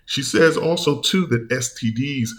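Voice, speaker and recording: A man hosting a reaction commentary, talking in a rambling, halting way with many fillers and restarts. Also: medium pitch, a bit bright. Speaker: commentary channel host.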